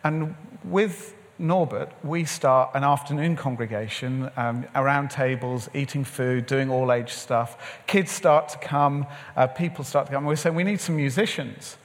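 A man's voice: medium pitch, unhurried, hardly any pauses. A middle-aged man preaching a sermon, telling a personal story in a conversational way and acting out the dialogue. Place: large church or event hall. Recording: long hall reverb.

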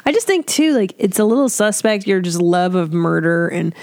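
A woman's voice: lowish voice, animated, normal speed, darkish tone, no room sound. A woman co-hosting a casual podcast, earnestly questioning and teasing her partner. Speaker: podcast co-host. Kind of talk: casual chat.

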